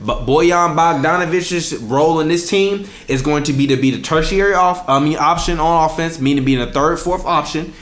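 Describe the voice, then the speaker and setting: A man with a fairly high voice argues a sports take with stubborn insistence, cutting in and tripping over names as he goes. The sound bounces around an echoey room. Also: moderate pace, few pauses, fairly bright tone. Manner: argumentative, talks over his co-host, stumbles on names. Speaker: podcast co-host. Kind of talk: casual sports debate.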